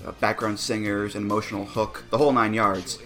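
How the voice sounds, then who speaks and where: A man's voice: lowish voice, little pitch movement, a little fast, a bit bright, soft background music. A man co-hosting a podcast, chatting casually and with amusement, laughing often and restarting his sentences. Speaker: podcast co-host. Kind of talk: casual review chat.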